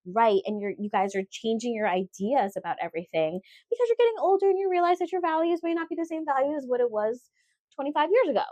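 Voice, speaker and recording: Lively, chatty woman with an animated voice. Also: sits high, fast, no room sound. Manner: lively, candid, chatty, playful asides. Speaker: podcast co-host. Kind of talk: casual chat.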